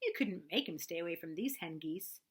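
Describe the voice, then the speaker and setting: A woman voicing an anxious farm boy who pleads and shouts at his parents. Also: lowish voice, lively intonation, moderate pace, slightly rough. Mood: pleading.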